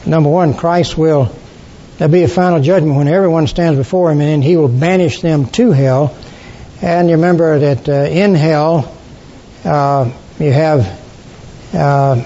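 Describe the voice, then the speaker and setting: An older man teaching a Bible study class, halting with frequent fillers and throat clearing. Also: dark tone. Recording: dull lo-fi recording with faint rumble.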